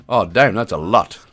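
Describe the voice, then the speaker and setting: Lively Welsh man guiding a game. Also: fairly high pitch. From Wales. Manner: jokey, chuckling asides between instructions. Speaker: gaming guide host. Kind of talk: game walkthrough commentary.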